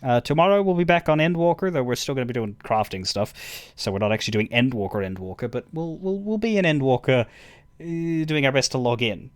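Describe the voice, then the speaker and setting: A man's voice: medium pitch, lively intonation, a little fast. A man streaming a game, chatting casually in a rambling way, stammering and chuckling as he talks to his chat.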